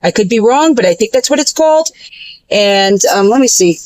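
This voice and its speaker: A woman's voice: on the high side, expressive, normal speed, darkish tone, no room sound, poor audio. A woman telling a story in a casual, profane rant full of fillers and restarts. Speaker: vlogger.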